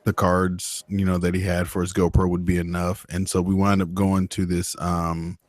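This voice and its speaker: Low-voiced man telling rambling stories. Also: monotone, normal speed, no echo. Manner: rambling, profane storyteller. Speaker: motovlogger. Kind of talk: casual chat.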